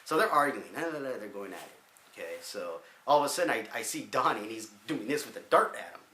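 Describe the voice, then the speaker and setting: A man's voice: mid-range voice, lively intonation, quick pace, sharp tone, roomy sound. A man in his thirties telling casual stories in a rambling way, with many restarts, as a vlogger. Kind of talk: casual storytelling.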